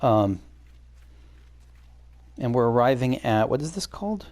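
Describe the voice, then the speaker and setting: A man's voice: medium pitch, big pitch swings, measured pace, a little mellow. A man hosting a game playthrough, musing aloud in a rambling, casual way with filler words. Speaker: let's play host. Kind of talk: casual gameplay commentary.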